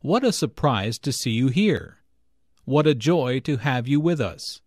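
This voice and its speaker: Slow, patient male teacher. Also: mid-range voice, animated, darkish tone, dry recording, studio quality. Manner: explains clearly and patiently. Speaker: English teacher. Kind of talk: scripted narration.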